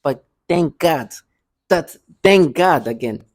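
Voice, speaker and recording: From his apartment, a vlogger rants angrily to camera, repeating himself and letting out bitter laughs. His voice is a little high and animated but slow-paced, in a dry recording.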